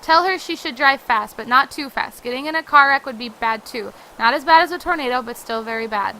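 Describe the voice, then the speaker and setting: A woman's voice: sits high, bright, forceful tone, slight background noise, poor audio. A woman doing a fretful, literal young man. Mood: anxious. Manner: fussy, rushed, repeats himself. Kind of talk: reading game dialogue aloud.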